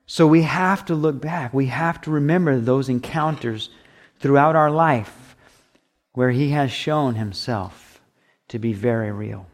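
A man's voice: mid-range voice, measured pace. A man preaching a sermon as pastor, emphatic and repetitive, with acted asides.

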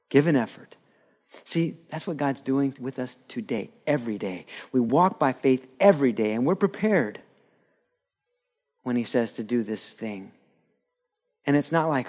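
A male pastor delivers a lively sermon in a church. His fairly high voice swings widely in pitch as he acts out quotes and laughs along with his listeners. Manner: animated preaching, laughing with the audience, acting out quotes.

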